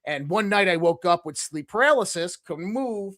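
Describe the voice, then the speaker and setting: Animated male storyteller, dry close sound. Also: high-pitched, normal speed, no echo. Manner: animated storyteller who imitates sounds, with frequent restarts and fillers. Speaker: podcast guest. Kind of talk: casual conversational storytelling.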